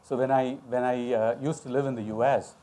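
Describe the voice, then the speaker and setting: A man's voice: mid-range voice, fairly even intonation, brisk, dark tone. A middle-aged man from Chennai moderating a conference panel, joking about himself and often restarting his sentences. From South India (Chennai). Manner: humorous, self-deprecating, many restarts. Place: conference hall.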